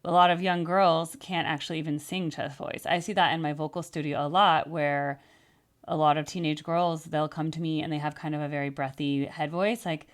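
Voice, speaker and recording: A woman's voice: low-pitched, fairly even intonation, normal speed. A woman vocal coach giving casual, enthusiastic reaction commentary, chatting freely and now and then singing short phrases to demonstrate.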